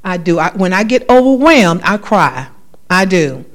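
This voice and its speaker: A woman's voice: lowish voice, very animated, moderate pace. A woman giving a spoken testimony in church, talking in an emphatic, repetitive, conversational way.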